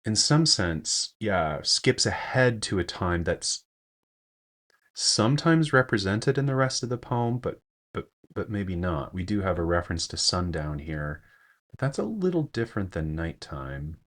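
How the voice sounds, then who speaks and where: A man's voice: deep voice, very animated, measured pace, fairly bright tone. A man giving a screen-share poetry lesson, thinking aloud with frequent fillers and self-corrections. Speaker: teacher.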